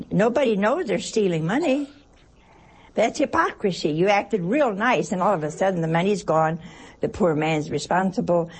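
Gravelly older nun giving a chatty sermon. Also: female voice, mid-range voice, darkish tone. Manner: chatty, asks rhetorical questions, tells anecdotes. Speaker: nun giving a religious talk. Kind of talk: conversational sermon.

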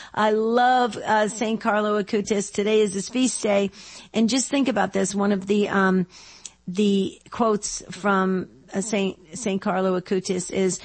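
A woman hosting a Catholic call-in radio show, encouraging and gently probing as she talks with callers. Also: medium pitch.

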